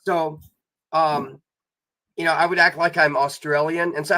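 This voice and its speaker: A man with a bright, clear-edged voice, pitched slightly above the usual, spinning loose anecdotes as a guest. He wanders through fillers and asides in a casual, chatty way. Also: little pitch movement, unhurried, pauses often. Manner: rambling anecdotes with many fillers. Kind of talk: casual chat on a livestream.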